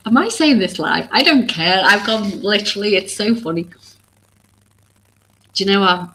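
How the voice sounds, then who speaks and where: A woman's voice: medium pitch, animated, takes it slowly, long pauses, a bit bright, a little hiss or hum, rough recording. A woman hosting a live stream about oracle cards. She talks to viewers in a rambling, earnest way, openly emotional and full of restarts. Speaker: oracle card reader and live stream host.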